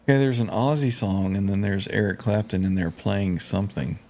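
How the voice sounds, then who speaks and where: A man's voice: on the low side, fairly even intonation, a little fast, warm tone. A man co-hosting a casual chat, easygoing, reading viewer comments aloud.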